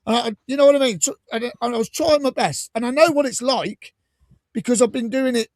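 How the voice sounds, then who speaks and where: A man with an English Midlands accent hosting a casual fan podcast, chatting and telling stories in a lively way. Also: extremely high pitch, brisk, no room sound, studio quality. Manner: chatty storyteller, lively and animated. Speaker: podcast host. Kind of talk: casual chat.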